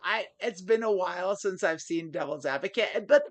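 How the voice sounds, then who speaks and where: A podcast co-host chatting casually, teasing and animated. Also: mid-range voice, a little fast, no echo. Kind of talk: casual chat.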